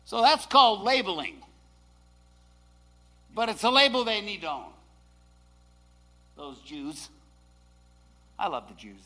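A man preaching a sermon, dropping to hushed asides and then rising to shouted proclamations. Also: high-pitched, sing-song, slow pace, long pauses.

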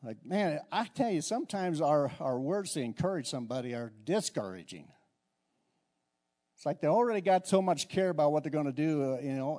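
The warm, medium-pitched voice belongs to a middle-aged pastor giving a conversational church sermon, regularly going back over and restarting what he says.

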